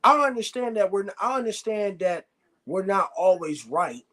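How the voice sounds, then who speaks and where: A man's voice: sits high, lively intonation, normal speed, fairly bright tone. A man hosting a live sports reaction stream, ranting bluntly and repeating himself. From United States. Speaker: sports show host.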